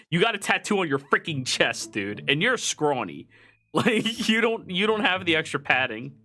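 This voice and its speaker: A man narrating as game master of a tabletop game, lively and quick to laugh. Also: a little high.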